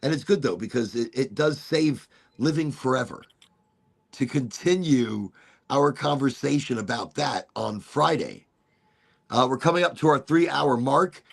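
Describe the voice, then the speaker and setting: A man's voice: medium pitch, unhurried, vocal fry. A middle-aged man hosting a casual podcast, telling rambling stories full of restarts and repeated words. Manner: rambling, storytelling with many restarts. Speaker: podcast host. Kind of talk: casual chat.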